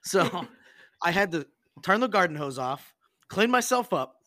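A man's voice: sits high, very animated, unhurried, pushed and bright, dry recording. A young man hosting a casual podcast, telling a rambling, profane story. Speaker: podcast host. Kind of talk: casual chat.

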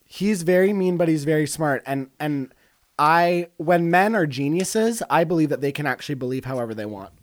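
Playing a character in an improvised comedy bit, a male guest becomes a ditzy, vain, middle-aged female movie star who is scatterbrained and self-absorbed. His fairly high voice has lively intonation at normal speed, close to his everyday voice, with an airy, self-important mood.

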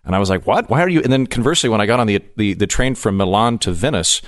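Fast-talking radio sidekick. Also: male voice, lowish voice, dry recording, studio quality. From United States. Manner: quick, halting, lots of restarts and fillers. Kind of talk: storytelling in talk radio banter.

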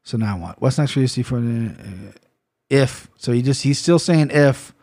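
A man talking straight to camera at a mid-range pitch, loose and unscripted. He rambles, swears often, and breaks into loud bursts of mock outrage before settling back down. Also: lively intonation, moderate pace. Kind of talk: casual solo rant about gear and fight news.

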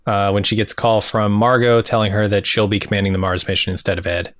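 A man co-hosting a casual podcast, calmly summarizing an episode from his notes. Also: lowish voice, quick pace, no room sound. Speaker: podcast co-host. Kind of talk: casual TV recap chat.

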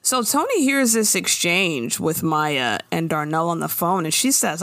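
Animated woman recapping with lively voice. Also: fairly low pitch, unhurried, dry recording, studio quality. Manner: animated storytelling, acting out characters' lines with laughs. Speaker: podcast co-host recapping a TV episode. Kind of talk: casual chat.

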